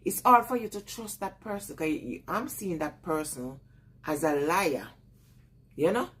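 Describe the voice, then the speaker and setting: A woman with a Jamaican accent talks casually on her live stream, greeting viewers by name and breaking into laughs between thoughts. Her voice sits fairly low and has a husky, breathy grain. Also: lively intonation, normal speed.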